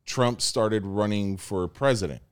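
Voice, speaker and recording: A man's voice: on the low side, unhurried, clear, resonant tone. A young American man telling a story in casual chat, acting out the people he quotes. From United States.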